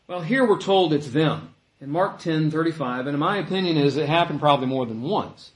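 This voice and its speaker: Animated preacher man, echoey room. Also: a little high, normal speed, few pauses. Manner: animated, acts out quoted voices. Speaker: pastor. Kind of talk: sermon.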